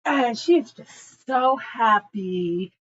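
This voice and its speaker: A young woman gossips her way through an episode recap, speaking slowly with a very lively, swooping pitch. She drops frequent asides to her viewers. The recording sounds a little muffled and lo-fi. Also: slightly rough. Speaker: TV show reviewer.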